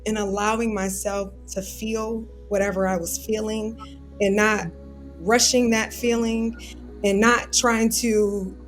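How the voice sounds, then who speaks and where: Earnest woman guest, soft music behind. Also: mid-range voice, little pitch movement, slow pace. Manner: earnest, open, emotional when recalling self-soothing. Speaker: guest, civil rights attorney. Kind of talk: podcast interview.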